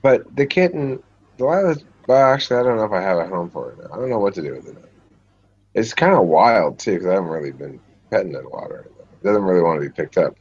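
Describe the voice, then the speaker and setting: A man's voice: sits low, animated, fast talker, a little mellow, breathy edge, lo-fi sound. A man hosting a casual chat with friends, talking with dry, wry humor. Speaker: host chatting with friends.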